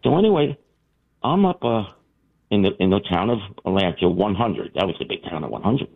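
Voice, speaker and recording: A male radio caller tells a story with lots of stammers and restarts. His pitch swings widely, and he sits a little low. The line is thin and phone-like. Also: a little fast, vocal fry. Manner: animated, stammering, repeats words. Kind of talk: anecdotal storytelling on a call-in show.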